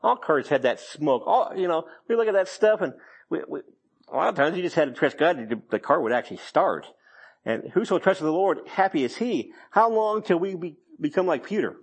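A man's voice: fairly high pitch, sing-song, brisk, slightly rough. A middle-aged man preaching a sermon in a rambling, folksy way, full of restarts and jokes.

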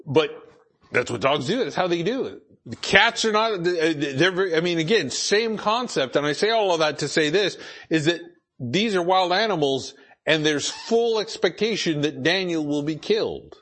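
A man's voice: on the high side, lively intonation, normal speed, a bit bright. A male pastor preaching a conversational sermon, often restarting phrases and adding casual asides.

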